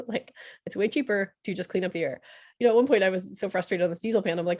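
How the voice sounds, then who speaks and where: A woman ICU doctor giving a casual, chatty talk full of fillers and quick laughs, over a video call. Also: mid-range voice, darkish tone, no echo, clean studio sound.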